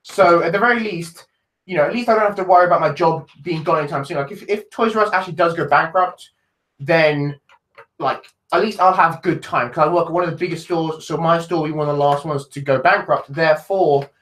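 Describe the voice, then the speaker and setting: This British YouTube host, a young man from England, has a higher, somewhat bright voice and a brisk delivery. His livestream chatter is casual and meandering, broken up by frequent laughter and restarted sentences.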